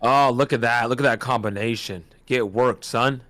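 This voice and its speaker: An excitable man calls a boxing fight live, talking casually and in slang. His voice sits at an ordinary pitch and is recorded close and dry, with no room sound. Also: normal speed, no echo. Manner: excitable, laughs often, slangy. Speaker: host doing fight commentary. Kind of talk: casual watch-party commentary.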